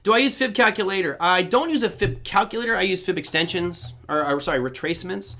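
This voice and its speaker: Bright-voiced middle-aged male market host. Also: high voice, fast talker. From Germany. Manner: casual, rambling, thinks aloud while charting. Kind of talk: live market analysis stream.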